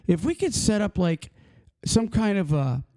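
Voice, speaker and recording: A man's voice: high voice, very animated, measured pace, warm tone. A man hosting a trucking podcast from a home studio, loose and joking, rambling with restarts. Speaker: podcast host. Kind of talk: casual podcast chat.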